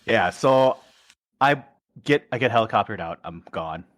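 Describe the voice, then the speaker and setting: A man's voice: fairly low pitch, a little slow, low-quality recording. A young man from Wisconsin, a podcast guest, casually telling stories and acting out the dialogue. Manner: animated, acts out quoted dialogue. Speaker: podcast guest, army veteran. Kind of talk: casual storytelling.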